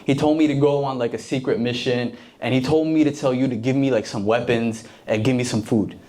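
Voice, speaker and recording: A young fugitive hurriedly talking his way into a favor with a made-up story, as a male preacher plays him. Evasive, full of filler words, a little lower than the preacher's usual voice. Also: fairly even intonation, brisk, a little mellow, close to an everyday voice. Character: young man fibbing to get help.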